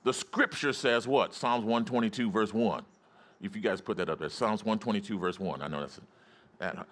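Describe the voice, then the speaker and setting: A man preaching a sermon as pastor in a church, calling out to the congregation and rising into excited shouts. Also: on the low side, normal speed. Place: church sanctuary.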